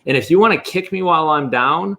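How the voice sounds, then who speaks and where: A man with a fairly high voice, speaking bluntly and swearing freely. He talks as a coach giving straight answers in a candid interview. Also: lively intonation, fast, pushed and bright. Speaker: real estate coach, guest.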